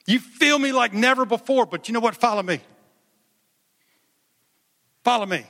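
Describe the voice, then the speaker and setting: A man voicing God as a proud, loving father who speaks to his son with excitement. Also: extremely high pitch, moderate pace, voice pushed up, exaggerated voice. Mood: proud, urging. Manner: excited, warm, pleading. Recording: long hall reverb.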